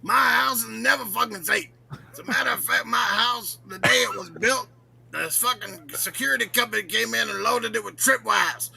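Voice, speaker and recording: Podcast comedy bit: a shouty, foul-mouthed crank, very high and gravelly. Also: male voice, moderate pace, exaggerated voice. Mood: ranting. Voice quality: dry, gravelly voice. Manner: shouting, profane, boastful rants. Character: crude loudmouth older man ranting, foul-mouthed. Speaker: regular show character answering questions.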